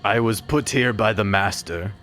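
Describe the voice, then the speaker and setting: Man doing a devoted sheep guard, flat and plain, no-nonsense. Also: fairly low pitch, moderate pace, close to an everyday voice. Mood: solemn. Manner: flat, devoted, speaks of his master. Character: male sheep stuck half through a barn wall, watchful guard.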